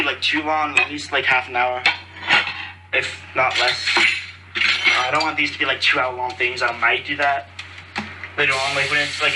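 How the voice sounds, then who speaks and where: A man's voice: medium pitch, far from the mic, heavy background noise. A cheerful, chatty man hosting a podcast, rambling casually and losing his train of thought, recorded on a phone. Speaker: podcast host. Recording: phone recording with loud clattering dishes. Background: clattering cutlery, dishes and pots.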